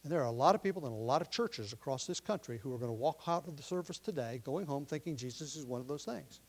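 A pastor preaching a sermon, explaining the text from his notes and pressing his listeners with forceful questions. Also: mid-range voice, lively intonation, fast talker. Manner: teaching from notes, explains word meanings.

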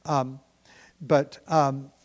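A man's voice: medium pitch, flat delivery, drawn-out words. A man preaching a sermon as pastor, thinking aloud with frequent fillers and restarts. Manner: prays in a hushed, quieter voice.

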